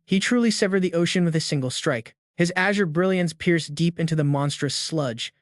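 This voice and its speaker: A man's voice: on the high side, no echo, studio quality. A man narrating a dramatic story recap in a scripted, storytelling manner.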